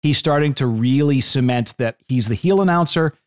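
A man co-hosting a wrestling podcast, giving measured, analytical takes with dry asides. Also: mid-range voice, no echo. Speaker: podcast co-host. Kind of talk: casual wrestling podcast chat.

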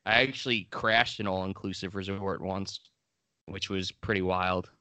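A man's voice: low voice, steady tone, moderate pace, sharp tone, clear, resonant tone, no room sound. A man from Long Island co-hosting a podcast, chatting eagerly and rambling with many restarts. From Long Island, New York. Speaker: podcast co-host. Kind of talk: casual podcast chat.

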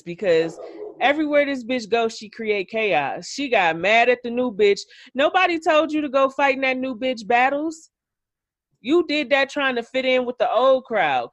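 A woman's voice: a little high, dry recording. A woman hosting a podcast, giving a blunt, profane, opinionated recap in casual chat. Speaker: podcast host.

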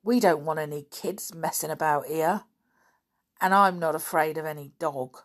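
A woman's voice: low voice, moderate pace, a bit bright. A woman voicing a sneering, surly circus acrobat man. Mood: threatening. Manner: sneering, hostile.

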